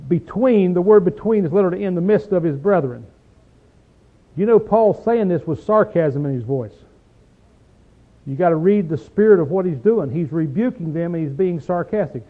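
A high-pitched man leads a Bible study in plain, folksy talk, pressing each point with rhetorical questions. He clears his throat now and then. The sound is thin and tinny, like a phone line. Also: animated, moderate pace. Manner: folksy, emphatic, asks rhetorical questions like "see?" and "okay?". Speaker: preacher teaching a Bible study. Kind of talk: conversational Bible teaching.

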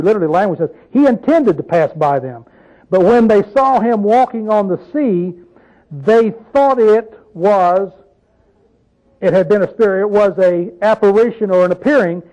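This man speaks in a high-pitched, mellow voice, captured on a low-quality recording. He delivers an informal Bible teaching in a conversational style, frequently questioning his audience and sharing folksy stories and asides.

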